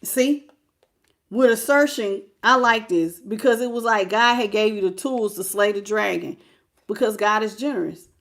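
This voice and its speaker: A woman's voice: medium pitch, moderate pace, fairly bright tone. A woman hosting a live tarot reading, preaching about God and greeting viewers by name.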